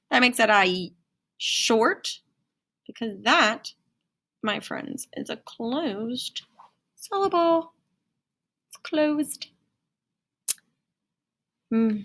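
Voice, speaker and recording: Bright, slow-spoken woman teacher. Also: a little high. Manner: animated, sing-song, playful teacher voice. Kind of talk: recorded phonics lesson for children.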